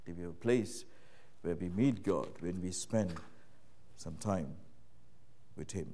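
A man preaching a sermon in a conversational way, full of "you know" and "right?", moving from hushed low talk to loud, raised passages. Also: unhurried, a little hiss or hum.

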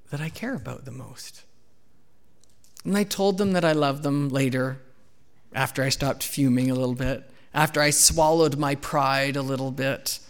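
A man in his thirties, a pastor preaching a sermon and telling a candid personal story, with bursts of loud acted shouting. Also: mid-range voice, vocal fry. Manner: candid storytelling, acts out his own outbursts loudly.

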